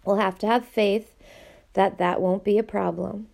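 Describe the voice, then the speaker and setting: A woman voicing a weary, sympathetic middle-aged male headmaster, speaking gently and apologetically in an audiobook reading. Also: mid-range voice, steady tone, a little slow, creaky. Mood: gentle.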